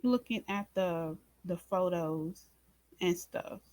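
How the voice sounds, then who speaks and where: A woman hosting a casual recap of a drama episode, speaking to viewers in an informal, expressive way and acting out her own reactions. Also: on the low side, slow, no echo. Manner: animated, talks to viewers as "y'all" and "baby"; acts out her own reactions in quoted asides. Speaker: reaction channel host.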